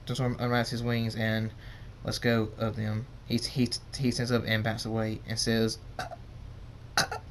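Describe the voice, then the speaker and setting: A man's voice: on the low side, completely flat delivery, a little hiss or hum. Man reading a fan story, stumbling. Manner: halting, stumbling and self-correcting. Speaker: narrator.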